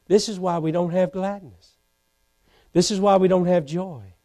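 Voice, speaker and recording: A man preaching a sermon from a church pulpit, swinging between fervent shouting and hushed intensity. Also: sits high, steady tone, moderate pace, pauses often. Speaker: pastor. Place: church sanctuary.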